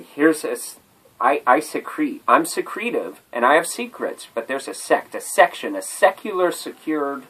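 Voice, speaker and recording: A man performing an improvised spoken-word poem, stringing playful alliterative words together with halting repeats and a drawn-out, musing delivery. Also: medium pitch, a bit bright, breathy edge, rough recording.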